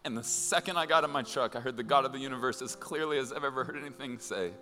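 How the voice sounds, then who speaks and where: A male pastor preaching a sermon, telling a personal story and acting out the dialogue with animated energy. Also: mid-range voice, fast talker, few pauses, long reverb tail, soft background music.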